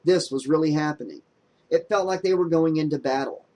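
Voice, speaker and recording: A man narrating an audiobook in a steady, plain storytelling voice. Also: fairly high pitch, brisk, rough recording.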